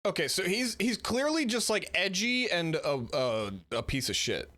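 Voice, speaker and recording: A man's voice: high voice, big pitch swings, normal speed, pushed and bright, soft background music. A man streaming while sick, giving casual and sarcastic commentary as he reacts to a video. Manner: sarcastic, blunt, chatty.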